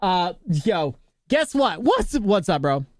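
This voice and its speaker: A man's voice: high voice, big pitch swings, slow pace, no echo, studio quality. A male streamer chatting casually with viewers, joking around, laughing often and greeting chatters by name.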